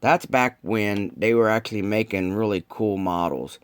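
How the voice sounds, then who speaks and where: A man's voice: fairly low pitch, normal speed, clear, resonant tone, no echo. A man chatting casually with viewers while building model cars, rambling and laid-back with lots of ums. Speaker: model car builder streaming live. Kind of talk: casual live-stream chat.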